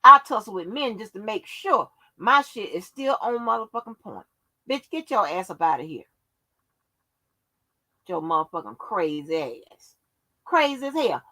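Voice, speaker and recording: A woman's voice: mid-range voice, big pitch swings, normal speed, bright, forceful tone. A woman hosting her own channel, delivering a profane, confrontational rant that scolds her viewers. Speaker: channel host.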